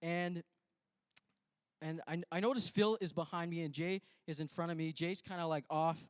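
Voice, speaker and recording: A man's voice: a little high, steady tone, moderate pace, smooth, no room sound. A young man from Canada giving a conversational testimony at a church, telling a story with quoted self-talk and frequent restarts. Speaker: church speaker.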